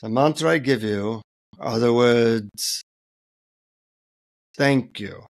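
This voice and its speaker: A man voicing a solemn male Indian guru with an Indian accent, speaking slowly and serenely. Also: medium pitch. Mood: serene, stern.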